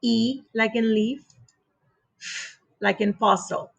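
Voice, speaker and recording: Slow, gravelly-voiced woman teaching phonics. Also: a little high, steady tone. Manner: spells words sound by sound with clear pauses; patient and instructive, repeats each rule. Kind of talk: slow, deliberate phonics lesson for young children.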